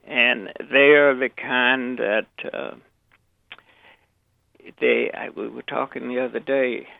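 An older man from Memphis with a Southern American accent, an actor and author appearing as a guest, tells rambling stories with chuckles and restarts in a relaxed anecdotal interview. His mid-range voice is gravelly, level, and slow, heard over a dry, tinny phone line with no room sound.

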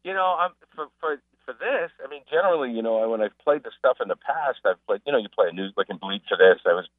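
A man chatting casually as a guest on a radio show, an animated storyteller who mimics the people he describes. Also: mid-range voice, fast talker, dry recording. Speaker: sports broadcaster and guest. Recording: phone line.

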